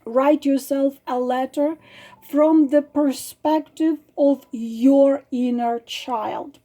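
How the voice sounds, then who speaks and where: A woman who speaks as a talks in an unhurried, higher-pitched voice. She sounds gentle and emotional, pausing often with fillers as she guides listeners through a personal exercise. Her tone is mellow and dark. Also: fairly even intonation. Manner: emotional, soft, halting with fillers. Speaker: tarot reader. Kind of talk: casual guided exercise talk.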